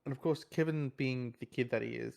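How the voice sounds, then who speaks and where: A man's voice: medium pitch, fairly quick, vocal fry, a little mellow. A man co-hosting a podcast, casually recapping a film with many restarts. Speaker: podcast co-host. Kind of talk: casual chat.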